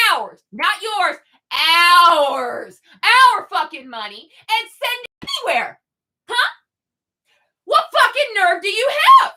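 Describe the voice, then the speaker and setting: A young adult woman co-hosting a podcast, delivering an angry, sarcastic, swear-filled comedic rant with frequent shouting. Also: extremely high pitch. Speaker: podcast co-host.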